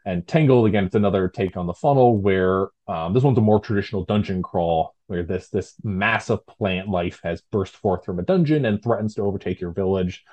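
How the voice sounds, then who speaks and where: A man's voice: low voice, fairly quick, hardly any pauses, mellow, highs cut off. A man talking casually as an interview guest, rambling with fillers and restarts. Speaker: guest, tabletop game designer.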